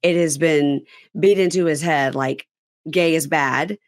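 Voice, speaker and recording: A woman co-hosting a casual chat podcast, relaxed and agreeable, often chiming in with short agreement. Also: low-pitched, measured pace, no echo, clean studio sound. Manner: relaxed, agreeable, many "mm-hmm"s. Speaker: podcast guest co-host.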